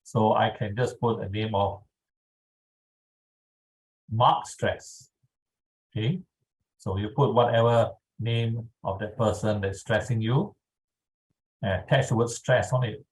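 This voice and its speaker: Slow, calm man guiding a tapping session. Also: fairly low pitch, poor audio. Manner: slow, calm instructional pacing with frequent "all right". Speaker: EFT tapping instructor. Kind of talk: guided tapping instruction.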